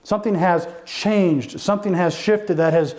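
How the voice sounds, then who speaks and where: A man preaches in a fairly high voice. His sermon is conversational and animated, full of asides and quick explanations to the congregation. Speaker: pastor.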